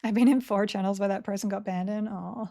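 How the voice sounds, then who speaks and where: A woman streaming an online game chats casually with her viewers, reading chat aloud and laughing often. Her medium-pitched voice is creaky and dark with fairly even intonation, and she speaks slowly, her words running together.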